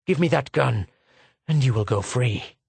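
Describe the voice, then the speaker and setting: A man's voice: lively intonation, takes it slowly, husky, no echo. A man reading aloud, voicing a bitter, cornered male secretary who speaks shrilly. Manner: shrill, bitter, passion-choked.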